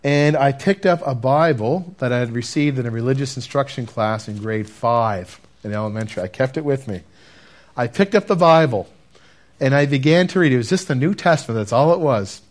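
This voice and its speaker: A man preaching a sermon and telling his testimony earnestly, talking straight to the congregation and dropping to a hush at key moments. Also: mid-range voice, brisk. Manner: earnest, addresses listeners directly, swings from loud to hushed.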